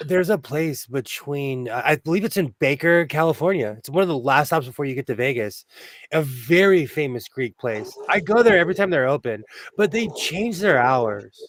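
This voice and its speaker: Chatty West Coast man, casual storyteller, laughs easily, slightly raised pitch. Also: lively intonation, moderate pace, no echo. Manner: chatty, laughs often, tells rambling stories. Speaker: show host. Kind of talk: casual chat while sewing.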